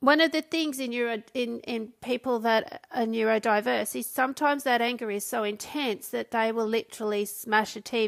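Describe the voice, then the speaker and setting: A woman's voice: on the high side, creaky, fairly bright tone. A woman, a coach, talking casually on her own podcast with frequent restarts. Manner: conversational, with restarts and acted quotes. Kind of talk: solo podcast talk.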